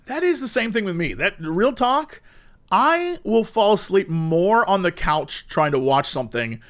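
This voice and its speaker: Lively high-voiced man telling stories. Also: measured pace. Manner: animated storytelling with mimicked voices. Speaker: podcast co-host. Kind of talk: casual chat.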